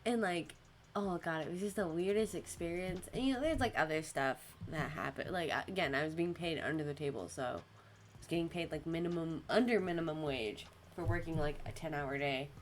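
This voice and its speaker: A woman's voice: brisk, a little hiss or hum. A young woman hosting a casual podcast, telling work stories with lots of laughter and acted-out voices. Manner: animated storyteller, acts out customers in high voices, laughs often. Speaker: podcast host. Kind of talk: casual chat.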